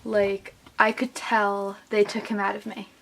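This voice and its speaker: A woman's voice: medium pitch, level tone, a little slow, creaky, background noise. Chatty young woman vlogger. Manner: chatty, heavy use of "like", retelling with quoted voices. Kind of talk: casual storytelling to camera.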